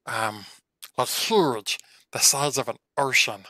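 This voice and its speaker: A man voicing a small, excitable fox companion who gushes and rambles, in a tabletop game. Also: medium pitch, takes it slowly, no room sound. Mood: rambling. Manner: gushing, rambling, easily delighted.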